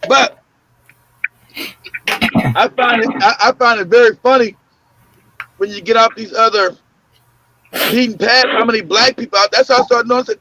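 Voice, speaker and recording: A man's voice: extremely high pitch, steady tone, normal speed, long pauses, bright, forceful tone. Man, talk show host, rambling casual storytelling, frequent fillers, muffled lo-fi sound. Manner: loose, laughing, full of fillers and restarts. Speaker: podcast host. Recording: muffled lo-fi audio.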